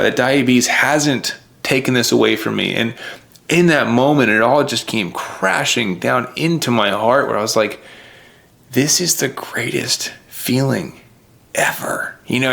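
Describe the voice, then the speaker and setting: Guy telling his race story all heartfelt, low and kinda gravelly, gets choked up. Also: a bit bright. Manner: earnest, heartfelt, voice choking up at times. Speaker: vlogger. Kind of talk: emotional race recap.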